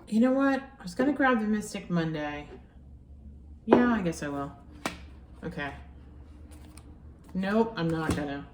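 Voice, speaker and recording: A woman giving a casual tarot reading, musing aloud and repeating phrases with animated excitement. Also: fairly low pitch, far from the mic, background noise. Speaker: tarot reader. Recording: echoey room, voice from off-mic.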